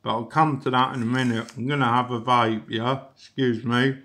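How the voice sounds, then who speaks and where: Man, casual product review, rambling, chatty, mid-pitched voice. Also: level tone, moderate pace, sharp tone. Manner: rambling, chatty, peppered with "you know".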